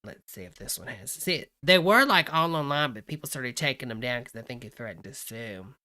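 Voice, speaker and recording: Bright-voiced gossipy woman host. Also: a bass voice, animated, a little fast. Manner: gossipy, chatty, exclaiming. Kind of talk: reaction video chat.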